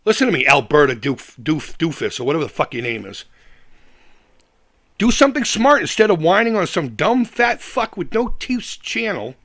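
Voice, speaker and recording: A middle-aged man hosting a live stream, talking casually and ranting hard at commenters. His voice is bright and edgy with a gravelly crackle, and it swings widely up and down. He swears constantly and breaks into laughs. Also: on the high side, very animated, moderate pace. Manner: profane, ranting, laughs often. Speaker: livestream host.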